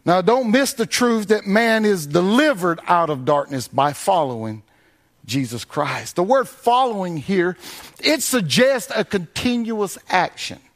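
A man preaching a sermon, swinging between sing-song swells and low quiet passages. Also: animated, a little slow.

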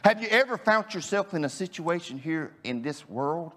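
A man preaching a sermon, impassioned, swinging between loud declarations and hushed low lines. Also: animated, moderate pace, few pauses.

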